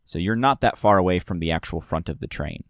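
A man's voice: low voice, a little fast, no room sound, clean studio sound. A man narrating as game master of a tabletop game, describing scenes in a rambling way full of fillers and restarts.

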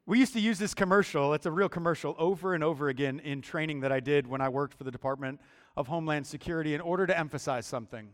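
Male pastor, emphatic sermon delivery, slightly high voice, long echoing hall. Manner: deliberate, emphatic preaching with repeated words.

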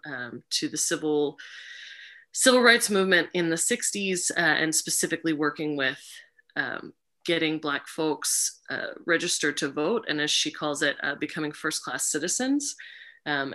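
A woman facilitating a group ritual over a video call, speaking gently and unhurriedly with many fillers. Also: low voice.

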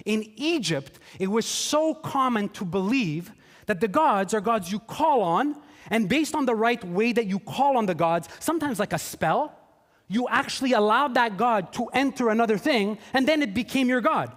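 A man's voice: very high-pitched, animated, normal speed. A man preaching a sermon in a chatty, joking way, acting out quotes in playful voices. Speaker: pastor. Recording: long hall reverb.

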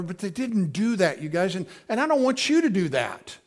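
High-voiced preaching man, lively bursts. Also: brisk, hardly any pauses. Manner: animated preaching with sudden loud high bursts and dramatized quotes. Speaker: pastor. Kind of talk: sermon.

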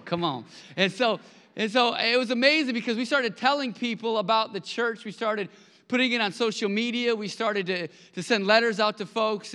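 High, bright-voiced pastor in a reverberant church. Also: male voice. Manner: conversational, animated storytelling with acted quotes. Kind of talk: sermon. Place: church sanctuary. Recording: long hall reverb.

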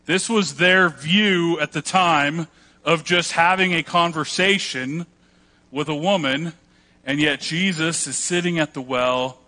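A man's voice: fairly high pitch, bright, forceful tone. A man pastor preaching a sermon, telling the story conversationally and acting out the quoted voices with a joking touch.

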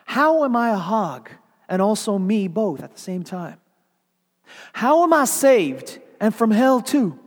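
A man's voice: very animated, fairly quick, few pauses, dark tone, breathy edge, full character voice. A preacher voicing a self-righteous older churchwoman who snarls indignantly at God. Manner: snarling, indignant, shrill outbursts. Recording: long hall reverb.

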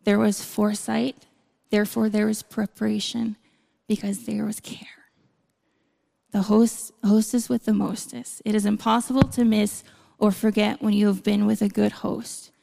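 A woman's voice: mid-range voice, flat delivery, moderate pace, gravelly, mellow. A woman preaching a sermon in a conversational way, with playful asides to the congregation. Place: church hall. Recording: long hall reverb.

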